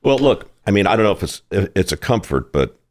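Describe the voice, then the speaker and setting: A man's voice: sits low, sing-song, fairly quick, darkish tone. A man hosting a podcast in casual conversation, with dry, wry humor. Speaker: podcast host.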